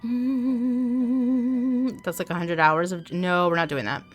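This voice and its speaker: Speaking slowly and flatly in a fairly high voice, a woman chats with her viewers while streaming a game live, reading chat aloud and adding playful asides. Faint music plays behind her.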